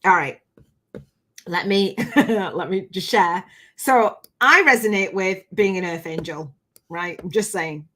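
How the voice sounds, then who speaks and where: A woman hosting a live online coaching session in a gushing, animated way, sometimes near tears. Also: on the low side, slow. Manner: gushing, animated, often laughing; emotional, near tears at times. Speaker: spiritual business coach hosting a live challenge. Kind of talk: live-streamed coaching chat.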